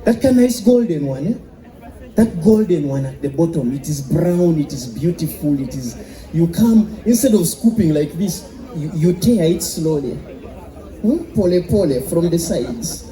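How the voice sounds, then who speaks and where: A man from Uganda with a Ugandan English accent, doing stand-up comedy with animated storytelling. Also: on the high side, unhurried, roomy sound, low-quality recording. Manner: animated storytelling with sung bits.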